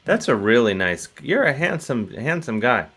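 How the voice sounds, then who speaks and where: Bright-voiced rambling male host. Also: medium pitch, very animated, normal speed, husky. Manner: rambling, self-deprecating, restarts sentences. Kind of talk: casual talk show banter.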